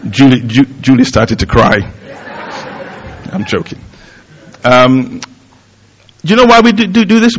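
A middle-aged male pastor preaching in an easy, conversational way. He pokes fun at himself and often stops and restarts his sentences. His voice sits at an ordinary middle pitch. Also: a bit bright, poor audio. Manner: conversational, self-deprecating, with frequent fillers and restarts. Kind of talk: sermon.

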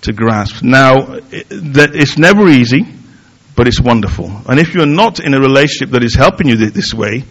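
A man's voice: mid-range voice, expressive, moderate pace, breathy edge, lo-fi sound. A middle-aged man giving a sermon in a conversational, self-deprecating way, with many fillers and restarts. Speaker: pastor.

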